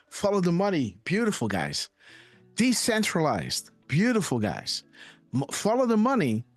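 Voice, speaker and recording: A man hosting a live online show in a casual, excitable way, often laughing and checking in with his listeners. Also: a little high, no room sound. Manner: excitable, repeats "guys" and "right?", laughs often. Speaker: livestream host.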